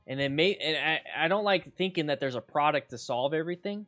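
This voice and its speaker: Excitable rambling man, slightly high voice. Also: a little fast, faint music behind. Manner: excitable, rambling, repeats himself, bursts of hype. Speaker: motorcycle riding instructor and channel host. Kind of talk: excited livestream chat with viewers.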